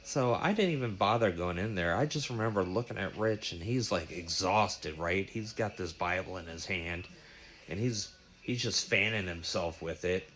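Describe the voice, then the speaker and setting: A man telling the story of a strange dream in a casual, animated way, swearing freely. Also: deep voice, moderate pace, faint music behind. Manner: animated, profane, breathless retelling. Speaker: vlogger recounting a dream.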